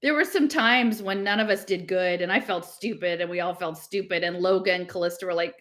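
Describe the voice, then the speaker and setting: A woman's voice: on the low side, a little fast, few pauses, a bit bright. A woman reading a novel aloud in a casual manner, stopping now and then to laugh and comment on the text. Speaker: reader.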